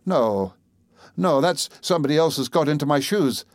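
A man's voice: fairly high pitch, animated, moderate pace, no echo, clean studio sound, voice pushed up. A man voicing a bewildered old man named Rip, lost and pleading, his voice raised and strained.

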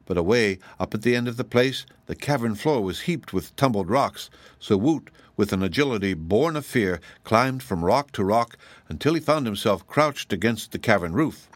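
A man narrating a storybook in a steady, measured way. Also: lowish voice, no echo. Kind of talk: storybook reading.

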